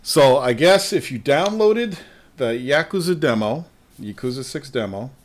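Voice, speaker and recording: A man's voice: mid-range voice, animated, unhurried. A man hosting a gaming podcast, chatting casually about game news, swearing freely and laughing often. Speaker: podcast host.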